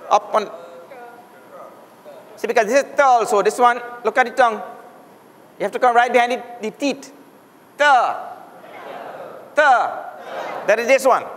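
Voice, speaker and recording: A Sanskrit teacher with a very high-pitched voice leads a classroom pronunciation lesson, saying each letter's sound aloud for students to repeat. He keeps a steady tone and moderate pace, pausing often, and stays patient and playful. The recording has long hall reverb and faint noise.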